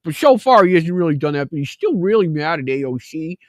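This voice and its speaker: A man doing a gruff, resentful middle-aged official who sulks as he talks. The words come out mumbled and thick, as if through a lower lip held down. It is a comic impression, pitched somewhat up and recorded dry. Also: very animated, brisk, no room sound. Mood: sulky.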